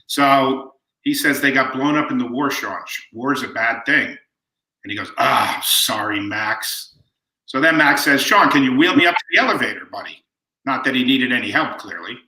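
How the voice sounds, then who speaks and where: A man in his fifties tells stories in a relaxed, conversational way and slips into the voices of the people he quotes. His tone is very bright and forceful. The recording carries a noticeable roomy echo. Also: medium pitch, moderate pace. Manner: relaxed anecdotal storyteller who acts out quoted lines. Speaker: guest author. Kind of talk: storytelling in conversation.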